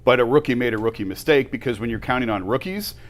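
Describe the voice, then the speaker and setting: A man's voice: medium pitch, fast talker. A man co-hosting a sports talk show, arguing back and explaining his reasoning point by point. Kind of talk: sports debate.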